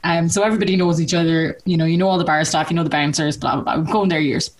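A woman's voice: low voice, very fast. A young Irish woman telling funny stories in casual chat, laughing often and acting out the voices of the people in them. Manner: animated storyteller, laughs a lot, acts out voices.

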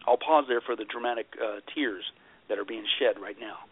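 A man's voice: fairly low pitch, a little fast, breathy edge, phone-quality sound. A pastor being interviewed as a guest, telling stories in an emphatic, joking way and repeating his punchlines. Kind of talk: animated interview storytelling.

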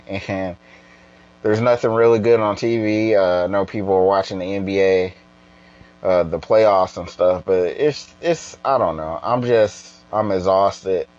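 A tired man hosting a casual solo podcast, rambling and halting with many restarts. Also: fairly low pitch, dull audio. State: tired, yawning. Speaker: podcast host.

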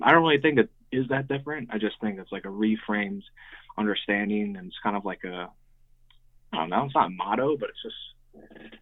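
A man's voice: fairly low pitch, fairly quick. A young man, a musician, telling stories casually with lots of fillers and swearing. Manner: rambling, swears freely, many fillers. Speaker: guest, hardcore band musician. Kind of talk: casual storytelling. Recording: tinny phone-like line.

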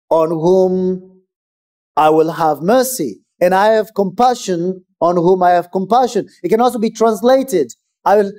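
Slow, mellow-voiced male preacher. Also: sits high. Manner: measured, emphatic preaching with pauses. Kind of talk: sermon.

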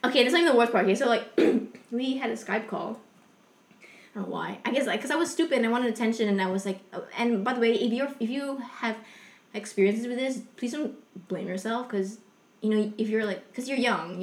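A young woman telling a personal story in a casual, rambling way, full of fillers, with a soft confessional tone. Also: medium pitch, reverberant.

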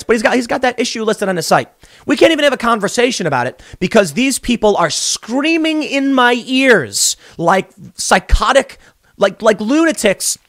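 Recording from a cramped closet studio, a young podcast host rants through opinionated political commentary in a voice slightly high for a man, its pitch rising and falling widely. His delivery is animated and rambling, full of restarts as he stacks up opinions, and the sound is close and dry, without any room echo.

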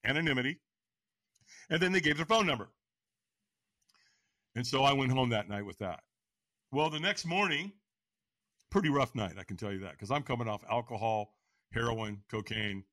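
Man in his sixties, podcast guest, bright forceful tone, dry close sound, animated storytelling. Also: mid-range voice, moderate pace, pauses often, no room sound. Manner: animated, acts out voices and inner dialogue; frank, casual speech. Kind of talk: personal storytelling in an interview.

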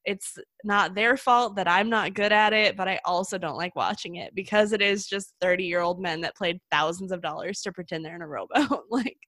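A woman's voice: medium pitch, moderate pace, few pauses, sharp tone, no echo. Giggly young woman interviewer, dry sound. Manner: giggly, chatty, teasing. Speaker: podcast interviewer and stand-up comic. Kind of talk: casual interview chat.

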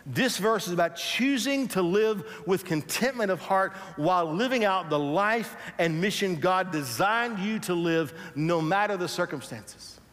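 High-pitched guy preaching, calm and reflective, gets the room to say words back, big echoey church hall. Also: measured pace, few pauses. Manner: leads the congregation in call and response. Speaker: pastor. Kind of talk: sermon.

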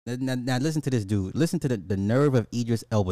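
American man, mocking incredulous commentator, mellow low tone, dry close mic. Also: quick pace, few pauses, no room sound. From United States. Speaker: commentary host. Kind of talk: ranting reaction commentary.

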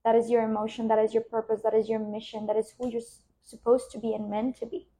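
A woman podcast host and business coach, speaking slowly and soothingly as she guides a relaxation and coaching reflection. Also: on the high side, completely flat delivery, mellow.

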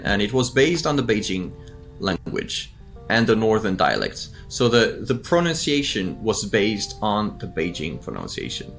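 A man's voice: lowish voice, fairly bright tone. A middle-aged man as an interview guest, talking thoughtfully with frequent restarts. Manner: thoughtful, restarts often, imitates accents with laughter. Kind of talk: casual interview talk.

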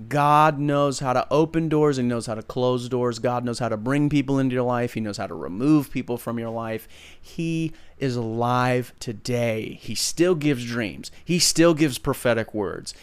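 A man in the middle of a sermon, speaking in a mid-pitched voice with an earnest, emphatic delivery. He swings between loud bursts and quiet, drawn-out passages. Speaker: preacher and podcast host.

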